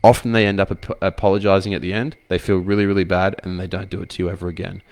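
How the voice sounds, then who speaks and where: A man's voice: sits low, level tone, quick pace, a little mellow. A man coaching other men with blunt, profane advice, firing off rhetorical questions. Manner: blunt, swears freely, asks rhetorical questions. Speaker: men's coach. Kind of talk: motivational advice talk to camera.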